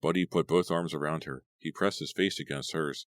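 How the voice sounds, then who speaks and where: A man narrating an audiobook story with expressive storytelling. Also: very deep voice, moderate pace, no room sound, clean studio sound. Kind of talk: scripted narration.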